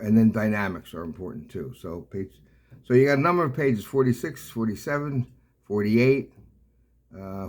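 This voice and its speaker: Older man with a low voice, piano lesson. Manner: rambling, halting, many fillers and restarts. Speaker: piano teacher. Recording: loud piano playing throughout.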